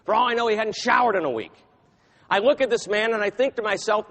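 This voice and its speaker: Animated man telling a story on stage. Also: high voice, brisk, big-room sound. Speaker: keynote speaker. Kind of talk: storytelling keynote speech.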